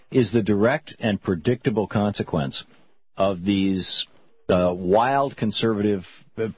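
An opinionated male talk radio host with a lowish, slightly husky voice, talking in an animated way and often restarting his sentences. The sound is dry and muffled, like an old radio broadcast. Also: no echo.

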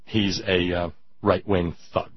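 A man's voice: low voice, flat delivery, takes it slowly. A man hosting political talk radio, emphatic and sarcastic, chatting with listeners through a dull lo-fi radio recording. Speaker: radio talk show host.

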